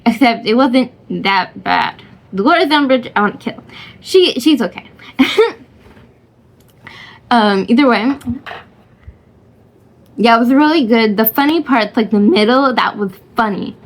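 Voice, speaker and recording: A woman's voice: a little high, lively intonation, unhurried, pauses often. A woman rambling casually about a film she watched, hesitant and giggly, full of fillers and restarts. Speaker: vlogger reviewing a film.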